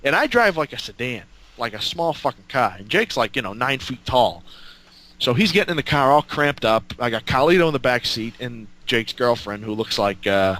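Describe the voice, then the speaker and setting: A man's voice: mid-range voice, big pitch swings, moderate pace, pushed and bright. A man telling a long, rambling road story in casual chat, swearing and laughing as he goes. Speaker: storyteller guest.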